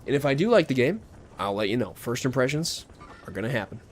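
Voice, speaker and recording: A man's voice: medium pitch, sing-song, quick pace, slight background noise. A man chatting casually with viewers on his livestream while he plays a shooter, joking and talking straight to his audience. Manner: chatty, jokey, talks to viewers directly. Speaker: game streamer. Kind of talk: casual livestream chat over gameplay.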